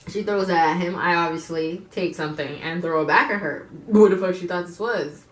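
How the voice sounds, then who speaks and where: A young woman in her twenties talks straight to her viewers in a low voice, blunt and unfiltered, swearing freely as she tells her story. Her words ring around an echoey room. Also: brisk, hardly any pauses. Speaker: vlogger. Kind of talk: candid personal storytime.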